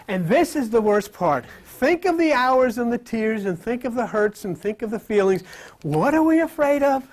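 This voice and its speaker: A man delivers an informal sermon to a room of listeners, his pitch swinging widely as he talks. He chats with the crowd and slips in quick acted-out voices of the people he quotes. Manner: lively, conversational, acts out quoted voices. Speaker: spiritual teacher. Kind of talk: informal sermon to a live audience. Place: room with live audience.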